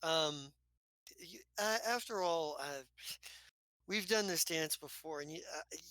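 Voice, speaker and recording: A game master voicing a smooth, quietly menacing male doctor who talks slowly and politely, in a tabletop role-play. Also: mid-range voice, no room sound. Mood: smug calm. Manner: slow, polite, smug.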